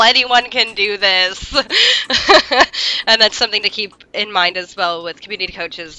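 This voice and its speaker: A woman's voice: lowish voice, bright, forceful tone, a little hiss or hum. A woman hosting a casual podcast chat, bubbly and laughing often. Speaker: host.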